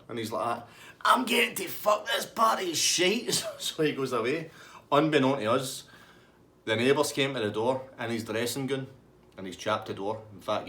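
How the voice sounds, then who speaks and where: A man with a Scottish accent telling a sweary, animated pub story and acting out everyone in it. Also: medium pitch. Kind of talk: casual anecdote.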